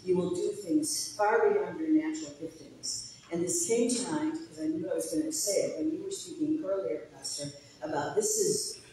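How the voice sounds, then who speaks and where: A woman's voice: deep voice, mellow, a little hiss or hum. Woman pastor preaching, earnest and personal, big echoey church hall, kinda distant. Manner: earnest, personal, laughs at herself. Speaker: guest pastor. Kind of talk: conference sermon.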